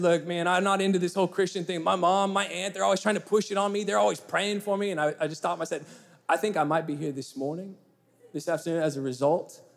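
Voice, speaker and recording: A young man preaches a sermon. His voice sits a little high, and he tells his stories in an animated way, acting out the other people's lines. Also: vocal fry. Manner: animated storyteller, acting out dialogue. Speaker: pastor. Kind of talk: sermon with storytelling.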